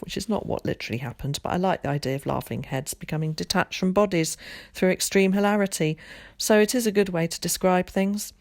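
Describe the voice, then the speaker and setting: A woman's voice: lowish voice, a little mellow, no room sound. Woman teacher reading a story aloud. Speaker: primary school teacher. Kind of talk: reading a children's novel aloud.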